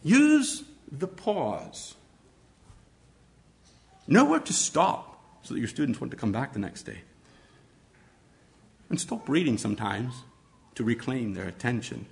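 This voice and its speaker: A man teaching fellow educators how to read stories aloud, with an expressive, demonstrative delivery. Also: medium pitch, moderate pace, creaky, pauses often. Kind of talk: instructional talk on read-aloud storytelling.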